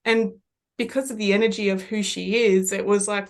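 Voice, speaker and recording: An Australian woman working as a medium, telling rambling, animated stories in a relaxed podcast chat. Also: mid-range voice, moderate pace.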